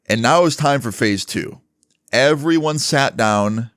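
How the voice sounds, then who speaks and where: A man's voice: mid-range voice, a little slow, fairly bright tone, no room sound, studio quality. A man narrating a storytime in a casual, chatty way, swearing freely.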